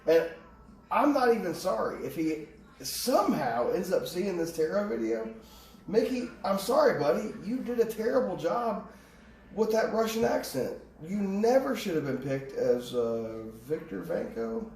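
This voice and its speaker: A man's voice: high voice, very animated, unhurried, darkish tone, slight background noise. A man giving a casual tarot reading, rambling off on tangents and swearing casually. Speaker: tarot reader. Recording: echoey room, distant mic, faint ambience.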